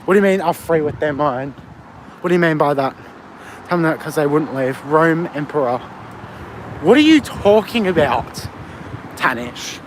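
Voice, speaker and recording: A fairly high-pitched man with an Australian accent talks casually to his live chat while walking outdoors at night. He rambles, answers questions aloud and swears freely, recorded on a handheld phone. Faint street noise and passing traffic sit underneath. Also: animated, moderate pace, long pauses. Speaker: livestreamer. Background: faint street and traffic ambience.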